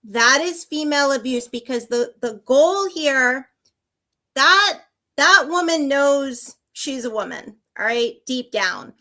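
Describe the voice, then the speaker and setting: A woman's voice: high-pitched, expressive, takes it slowly, pushed and bright. A woman appearing as a guest on a live talk stream, speaking earnestly, restarting her sentences and often checking in with "right?". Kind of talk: casual live-stream chat.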